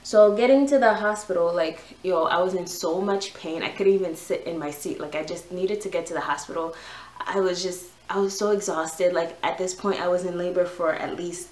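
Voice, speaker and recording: A woman's voice: fairly low pitch, normal speed, darkish tone, roomy sound, poor audio. A young woman vlogger telling a long personal story in a chatty, casual way, full of "like" and "yo". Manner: chatty, lots of "like" and "yo".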